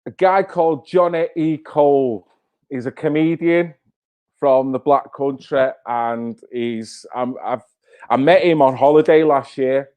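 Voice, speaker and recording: A man's voice: medium pitch, a little slow, darkish tone, clean tone. A man hosting his own channel, talking in a blunt, fired-up way with swearing and rhetorical questions. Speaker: channel host. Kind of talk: casual live-stream commentary.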